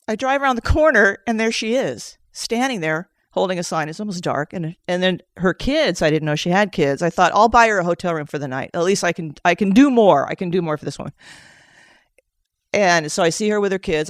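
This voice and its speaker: A woman's voice: fairly low pitch, a little fast, no room sound, clean studio sound. A woman telling an emotional personal story, quoting herself and others as she goes. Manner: tears up while telling it. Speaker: session participant sharing a story.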